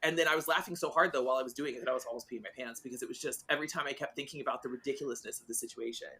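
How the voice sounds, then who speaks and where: A woman's voice: a bass voice, very fast, bright, forceful tone, slight background noise. A woman in her forties, a guest author chatting casually on a podcast, telling stories animatedly, acting out the dialogue and swearing freely.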